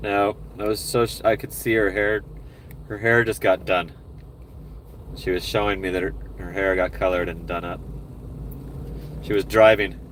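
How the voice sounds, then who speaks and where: A man's voice: deep voice, steady tone, moderate pace, pauses often, a bit bright, a little hiss or hum. A middle-aged man chatting casually on a livestream while driving for delivery gigs, rambling and cursing in an upbeat way. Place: in a car on the road.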